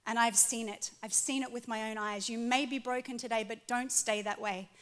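A woman in her forties preaching a sermon to a live audience, telling a funny story about her marriage. She is animated and pokes fun at herself, swinging from soft to loud. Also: a little high, moderate pace. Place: stage before a live audience.

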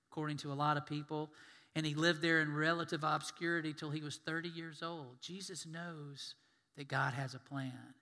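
A man preaching a sermon, animated and storytelling, acting out the scenes he describes. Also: a little high. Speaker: pastor. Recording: long hall reverb.

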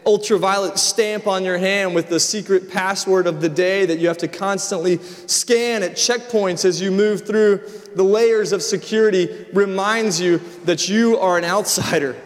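A middle-aged pastor delivers a sermon, his voice sitting noticeably high. He talks in a relaxed, story-driven way, often restarting phrases. The sound carries a long reverb, as in a large sanctuary. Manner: storytelling, conversational with repeated restarts.

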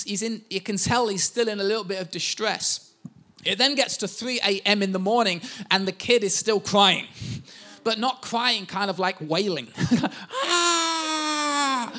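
A man's voice: sits high, normal speed, sharp tone. A man in his thirties, a pastor, preaching a sermon and telling family stories with self-deprecating humor.

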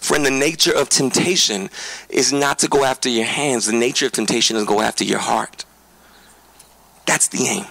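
A male pastor giving a conversational sermon, earnest and emphatic, talking straight to his listeners with quick restarts. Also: mid-range voice, vocal fry, a bit bright, no room sound, low-quality recording. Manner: quick preaching with frequent restarts.

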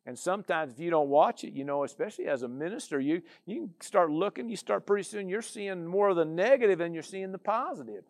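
A man's voice: high-pitched, animated, quick pace, few pauses, darkish tone. A man preaching a sermon as a pastor, with a conversational style full of "you know" and "amen".

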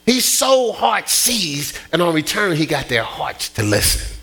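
Man preaching, middle-aged, lively swinging pitch, storytelling sermon, stops and restarts. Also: measured pace. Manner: animated storytelling with many restarts. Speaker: pastor.

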